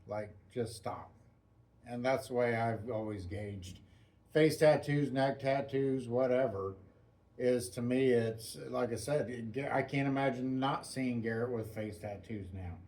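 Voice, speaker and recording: A man in a relaxed podcast conversation, middle-pitched and plain-voiced. He thinks out loud, circling back over his point with casual profanity and easy fillers. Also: unhurried. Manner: reflective, rambling, sizing things up aloud. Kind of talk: casual chat.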